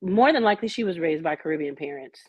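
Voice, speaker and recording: A young adult woman from Jamaica hosting a casual group discussion, speaking candidly and telling personal stories with animated asides. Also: fairly low pitch, quick pace, husky, no echo, muffled recording.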